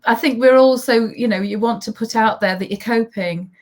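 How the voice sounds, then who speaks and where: A woman hosting a relaxed conversation. She reads out viewers' comments and laughs often. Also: on the high side, moderate pace. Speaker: host. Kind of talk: casual interview chat.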